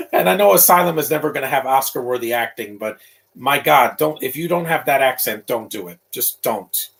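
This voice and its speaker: A man's voice: medium pitch, fairly bright tone, poor audio. A man in his thirties giving casual, opinionated live commentary over a movie, rambling with frequent restarts.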